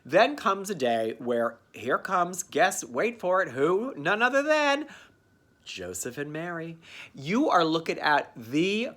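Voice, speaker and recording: A man giving a campy, sarcastic comedic recap of a cartoon, dropping into quick character voices. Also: on the high side, big pitch swings, a bit bright. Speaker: comedic reviewer.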